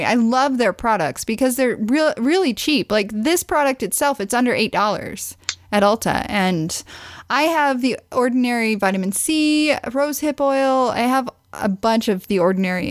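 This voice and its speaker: Chatty higher-voiced woman co-host. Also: no room sound, studio quality. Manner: chatty, quick, laughs often. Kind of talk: casual chat over a video call. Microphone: video call.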